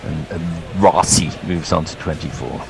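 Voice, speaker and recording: Man, cricket commentator, very low voice, lively ball-by-ball calling. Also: unhurried, vocal fry, noisy background. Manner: lively, chuckling, hands over to co-hosts.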